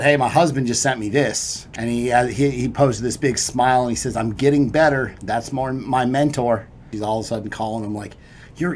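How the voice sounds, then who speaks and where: A mid-range male voice, over a faint hiss or hum, hosts a casual crypto trading video and talks through the price charts. He stays upbeat and chatty, frequently tossing in "you know" and "right?"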